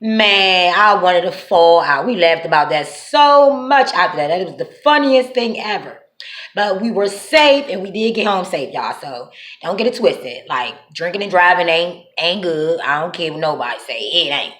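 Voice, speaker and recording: A woman's voice: lowish voice, moderate pace. Dc-woman telling crazy stories, cussing, voice bouncing all over, echoey room. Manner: animated, profane, slangy. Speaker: vlogger. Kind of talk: casual storytelling.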